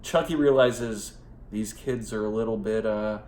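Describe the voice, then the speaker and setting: Casting: man with a very low voice, loose, rambling and profane movie review, recorded in an echoey room. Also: unhurried, a little mellow, a little hiss or hum. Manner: rambling and profane, heavy on fillers. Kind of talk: casual spoken movie review.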